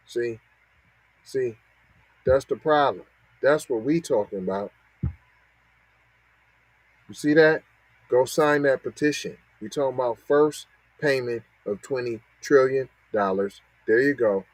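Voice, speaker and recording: A man's voice: medium pitch, measured pace, pauses often, no room sound, low-quality recording. A man, hosting a podcast and reacting to news clips with mocking, repetitive commentary. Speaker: podcast host.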